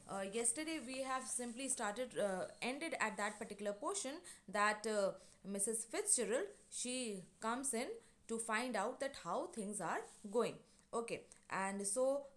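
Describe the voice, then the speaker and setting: A woman teacher explaining a lesson online, retelling and paraphrasing in a hesitant, halting way. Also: fairly high pitch, expressive. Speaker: English teacher. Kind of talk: online class lecture.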